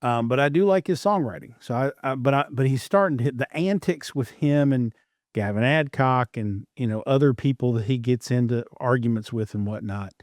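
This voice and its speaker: A man's voice: medium pitch, a little mellow, no echo. Opinionated man talking casually, dry mic. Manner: measured, opinionated, with frequent restarts. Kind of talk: casual chat.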